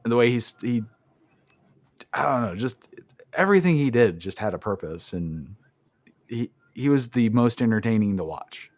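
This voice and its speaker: A man's voice: mid-range voice, animated, moderate pace, long pauses, dry recording. A man hosting a podcast, recapping a wrestling match in casual chat and swearing freely. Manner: swears freely, blunt opinions. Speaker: podcast host.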